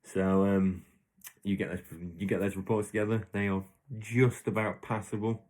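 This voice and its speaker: Here a man hosts his own podcast solo, speaking at normal speed in a lowish, level, somewhat dark voice. His casual monologue meanders through hypothetical examples, full of false starts and self-corrections.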